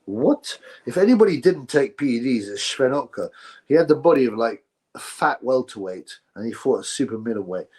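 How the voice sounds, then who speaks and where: A man's voice: medium pitch, animated, a little fast, a little mellow. A man hosting a casual livestream, rambling sarcastically and answering chat messages. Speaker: livestream host.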